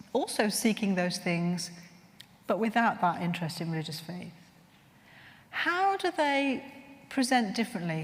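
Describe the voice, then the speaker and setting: A woman gives a conference talk with heartfelt earnestness, weaving in stories as she leads a workshop. Her voice sits at an ordinary middle pitch. A long reverb trails her words around the large room. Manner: earnest, heartfelt, gently searching. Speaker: workshop leader at a chaplains' conference.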